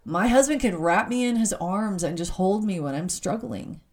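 A woman's voice: mid-range voice, normal speed, darkish tone. A middle-aged woman giving an earnest, heartfelt personal faith talk, often stopping to correct herself.

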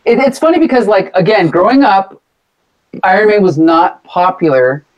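A podcast co-host in casual chat, lively and emphatic. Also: medium pitch, moderate pace, low-quality recording.

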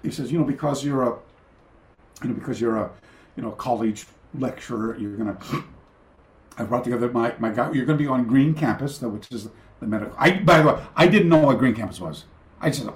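An older man spins a long, rambling story as a guest on a video call. He restarts sentences often and breaks into animated quoted voices, at a middle pitch. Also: brisk. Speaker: guest karate teacher. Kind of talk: storytelling in a casual interview.

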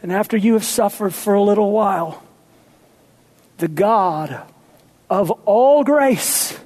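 A pastor preaching a sermon, playful with the congregation at times and dropping to hushed, intense appeals. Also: male voice, sits high, slow pace.

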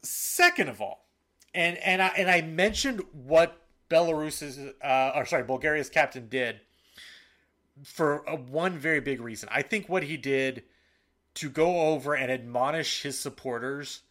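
A man co-hosting a soccer podcast in casual talk, animated and fired up, with frequent fillers and restarts. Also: fairly high pitch, a little slow. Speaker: podcast co-host.

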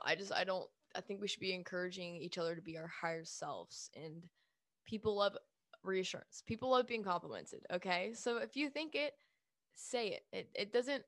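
A woman's voice: on the low side, a bit bright, no room sound. Young woman ranting to camera, blunt, cusses a lot, says like constantly, dry close sound. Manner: blunt, swears freely, emphatic; speaks with lots of "like" fillers. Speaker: vlogger. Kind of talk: casual rant to camera.

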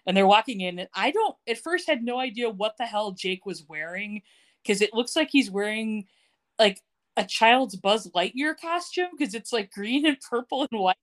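A woman's voice: on the high side, lively intonation, moderate pace. A woman co-hosting a podcast, chattily recapping a TV episode and laughing often. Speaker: podcast co-host. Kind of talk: casual chat recapping a TV show.

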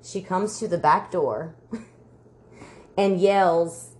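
A woman's voice: on the low side, extremely slow, a little mellow. A woman co-hosting a podcast, telling stories in casual chat, laughing often and swearing freely. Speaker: podcast co-host.

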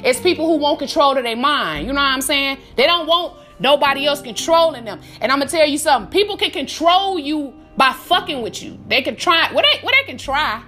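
A woman hosting a podcast, giving casual, profane, animated motivational advice with frequent laughs, calling the listener baby. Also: high voice, brisk, few pauses, faint music behind. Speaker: podcast host.

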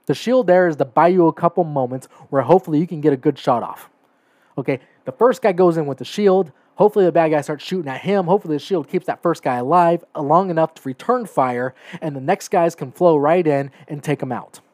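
A man's voice: on the high side, fairly quick, darkish tone, no room sound. A man hosting a solo podcast, talking emphatically and often checking in with "right?" and "okay?", and growing heated. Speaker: podcast host. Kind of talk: opinionated solo podcast commentary.

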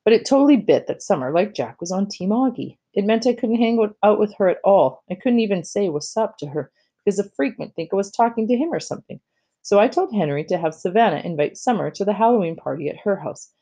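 Mellow-toned casual audiobook reader. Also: medium pitch, quick pace. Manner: casual, kid-like storytelling with lively emphasis. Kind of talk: reading a children's novel aloud, first-person narration.

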